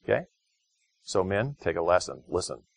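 A man with a lowish voice gives a sermon in an easy, chatty way, then drops into slow, forceful emphasis on key words. The sound is dry and close, with no room echo. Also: very animated, vocal fry. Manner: conversational preaching with sudden loud, slow emphatic phrases. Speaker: pastor.

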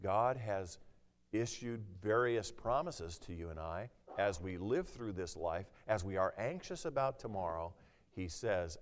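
A man with a fairly low voice delivers a sermon. He speaks conversationally and puts questions to his listeners. When he reads scripture aloud, his intensity rises. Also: animated, a little slow, in a large hall, a little hiss or hum. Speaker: preacher.

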